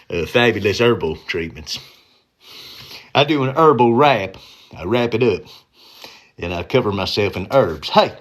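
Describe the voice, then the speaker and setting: A man's voice: lowish voice, a bit bright. A man hosting a comedic livestream from home, rambling loosely with jokes and a drawling country persona.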